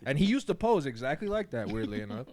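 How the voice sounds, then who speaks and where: A man's voice: medium pitch, big pitch swings, quick pace, a crowd in the background. Rambling slangy man on a podcast. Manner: loose rambling slang, playful teasing. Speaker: podcast co-host. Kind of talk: casual chat.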